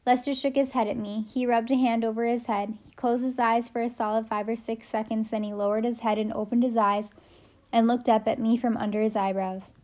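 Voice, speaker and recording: A woman reads a first-person audiobook with a spirited, folksy delivery. Her voice sits fairly high and carries the young narrator's dialogue with conviction. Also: little pitch movement, brisk, a little mellow.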